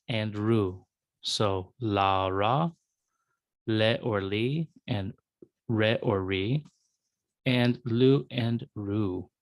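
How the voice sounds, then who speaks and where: Drawing out his words and pausing often, a professor with a lowish voice sounds out syllables individually in a recorded lecture. He explains them to students in an explanatory manner, using fillers and asides to the student, on a dry recording.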